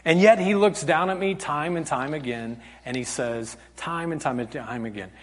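A man preaching a sermon as pastor, telling a family story with animated swings from loud acted quotes to hushed, soft tones. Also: on the high side, normal speed, long reverb tail. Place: church hall.

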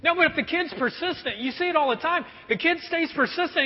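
A pastor preaching a sermon to a congregation, lively and often acting out everyday scenes in quick put-on voices. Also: male voice, very high voice. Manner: animated, acts out kids and parents in quick voices. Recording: muffled sound with long hall reverb.

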